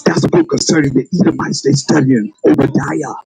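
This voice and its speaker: A man's voice: mid-range voice, brisk, creaky, a little mellow, husky, no echo, low-quality recording. A man preaching on the street, calling out to passers-by with emphatic, laughing delivery. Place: outdoors on a street.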